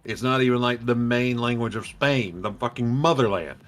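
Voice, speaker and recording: A young man on a casual podcast, telling animated stories and swearing freely. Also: medium pitch, normal speed, faint music behind. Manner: animated storyteller who acts out quotes, swears freely. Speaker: podcast co-host.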